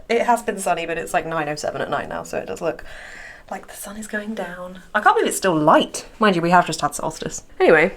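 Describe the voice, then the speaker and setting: A young woman from England chatting casually as she films a holiday cottage. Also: medium pitch. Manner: chatty, self-deprecating, filming as she walks around. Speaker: vlogger. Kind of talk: casual chat.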